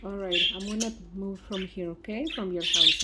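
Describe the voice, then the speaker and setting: A woman at home filming her pet birds, coaxing them in high sing-song baby talk. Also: normal speed, hardly any pauses, heavy background noise. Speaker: pet bird owner filming her budgies. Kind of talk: casual vlog talking to pet birds. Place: home, indoors by bird cages. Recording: loud bird chirping behind.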